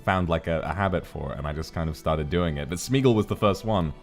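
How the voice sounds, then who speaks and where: A man chatting casually on a live stream, animated and quick to jump into voices. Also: low-pitched, soft background music. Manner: animated, jumps into voices and laughs.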